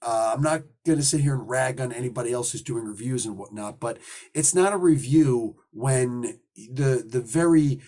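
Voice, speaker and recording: A man hosting a casual, slangy comic book review, excitable and laughing often. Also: medium pitch, moderate pace.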